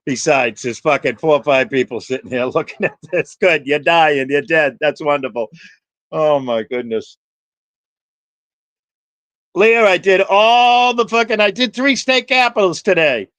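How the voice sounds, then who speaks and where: A man's voice: a little high, measured pace, fairly bright tone, dry recording. A man hosting a livestream, chatting with viewers by name in a rambling, profane, jokey way. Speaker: livestream host.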